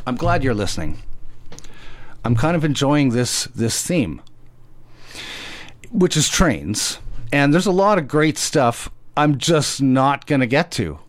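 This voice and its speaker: A man hosting a radio music show, chatting casually between songs in a rambling, self-correcting way. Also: mid-range voice.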